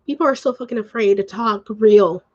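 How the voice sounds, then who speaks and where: A woman's voice: medium pitch, dull audio. A young woman who grew up speaking Spanish, ranting emotionally and swearing in a home vlog. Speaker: vlogger.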